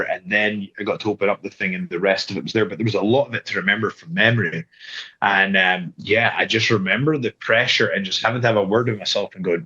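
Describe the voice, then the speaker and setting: A man's voice: fairly low pitch, fairly bright tone. A man being interviewed as a guest wrestler, telling stories casually and acting out quoted voices with frequent restarts. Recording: slightly dull lo-fi sound.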